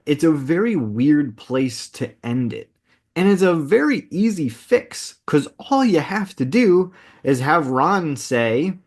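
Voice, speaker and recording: Animated man on a casual movie podcast. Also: a little high, slow pace. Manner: animated, emphatic, repeats words when starting sentences. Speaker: podcast co-host.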